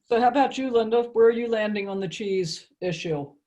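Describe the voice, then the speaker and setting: A woman's voice: fairly high pitch, fairly quick, dark tone. Woman coach guiding a group call. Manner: affirming, guiding questions. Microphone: video call.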